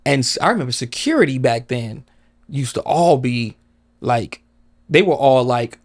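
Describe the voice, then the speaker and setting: A man's voice: mid-range voice, lively intonation, moderate pace. A man guest on a podcast, telling stories in a rambling casual way, full of "like" and swearing.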